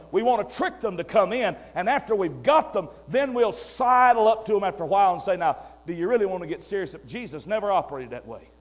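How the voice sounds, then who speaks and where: An older man preaching a sermon, emphatic and swinging between loud and hushed delivery. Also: high-pitched.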